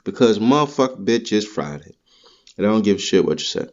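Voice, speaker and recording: A man's voice: lowish voice, fairly quick. Crude ranting man, muffled lo-fi sound. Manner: rambling, crude, animated rants. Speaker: podcast host. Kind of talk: profane comedic monologue.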